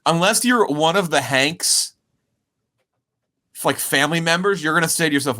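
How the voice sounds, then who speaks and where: A man's voice: fairly high pitch, moderate pace, bright, forceful tone. A man co-hosting a movie podcast, blunt and incredulous in casual chat. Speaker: podcast co-host.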